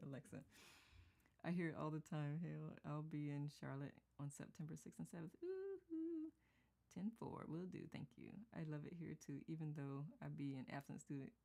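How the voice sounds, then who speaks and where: A woman's voice: sits low, vocal fry, darkish tone. A woman hosting a spiritual study group live, reading comments and thanking viewers by name, effusive and laughing often.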